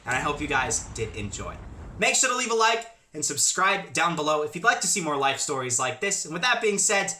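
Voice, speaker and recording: Brief: young male storyteller, lively ups and downs, bright voice, echoey room. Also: a little high, brisk, slight background noise. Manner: animated, chatty, many asides. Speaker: YouTube storyteller. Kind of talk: storytime vlog.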